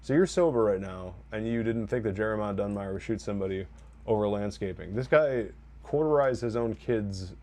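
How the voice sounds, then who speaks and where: A man with a lowish voice talks through a TV episode in a loose, rambling recap. He gets wry about the plot and quotes the characters in quick mock voices. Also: darkish tone. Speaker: TV review podcast host. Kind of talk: casual spoiler recap and review.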